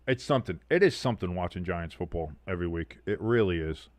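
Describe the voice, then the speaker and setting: Low-pitched, animated and fast, a man hosts a casual football watch-along on a dry recording. He reads chat aloud and calls plays with sardonic humor and plenty of swearing.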